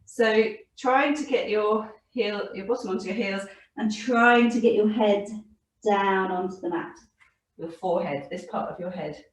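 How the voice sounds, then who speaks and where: A woman teaching a yoga class for children, gentle and encouraging, laughing now and then, recorded at home by a camera across the room. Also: mid-range voice, a little slow, distant mic. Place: home room with her dog and cat. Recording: very echoey room, voice from off-mic.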